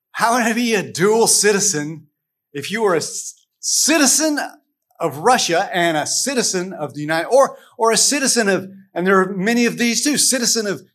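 High-voiced man teaching a Bible lesson. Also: a bit bright. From United States. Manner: conversational, with frequent restarts and rhetorical questions. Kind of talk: casual Bible lesson to a group.

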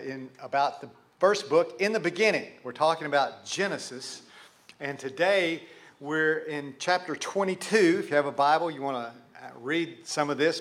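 A man's voice: a little high, fairly bright tone. A man with a Texan accent, preaching a sermon to a live congregation in a folksy, conversational way. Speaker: pastor. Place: church sanctuary with a live congregation.

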